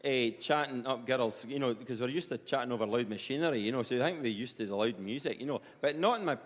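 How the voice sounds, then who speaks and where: A man with a Perthshire Scottish accent, performing a live stand-up set as a comedian and telling animated, sweary stories. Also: medium pitch, fast. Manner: animated storytelling, swears freely. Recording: long reverb with faint ambience, live venue.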